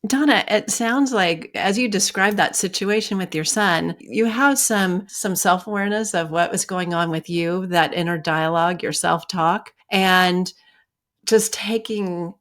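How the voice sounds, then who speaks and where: A woman's voice: fairly low pitch, measured pace, fairly bright tone. A woman psychologist co-hosting a podcast, reflecting back what she hears and checking her understanding. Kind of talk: conversational podcast discussion.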